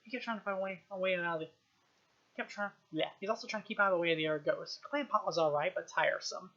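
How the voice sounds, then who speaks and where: A woman's voice: lowish voice, fast, a bit bright, highs cut off. A woman reading a novel aloud on a stream, in an unpolished way with frequent slips and restarts. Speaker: reader. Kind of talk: casual audiobook reading on stream.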